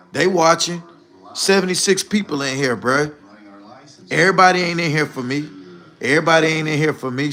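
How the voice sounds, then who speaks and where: A man hosting a livestream rants and lectures his viewers directly and bluntly. His voice sits on the high side and sounds bright and forceful.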